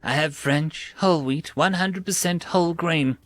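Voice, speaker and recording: A man's voice: on the high side, a bit bright, dry recording, lightly acted. A man doing a smug food dispenser machine. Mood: prim. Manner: politely formal, deliberately slow and stiff.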